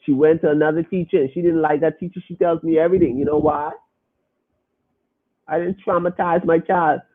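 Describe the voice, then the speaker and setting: Husky man on a tinny phone line. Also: fairly high pitch, fairly even intonation, brisk. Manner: emphatic, repeats and restarts phrases. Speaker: podcast host. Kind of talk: casual podcast talk to listeners.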